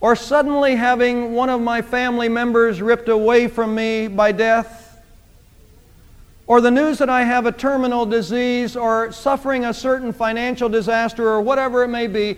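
A man's voice: very high-pitched, steady tone, normal speed, smooth. A man preaching a sermon, speaking emphatically and repeating phrases for emphasis. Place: church sanctuary. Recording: long church reverb.

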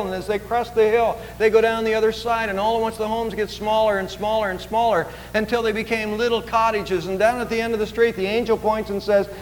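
High-voiced preacher in a reverberant church. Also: male voice, steady tone, brisk, few pauses, a little hiss or hum. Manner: earnest, emphatic preaching with repetitions. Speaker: pastor. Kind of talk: sermon. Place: church sanctuary.

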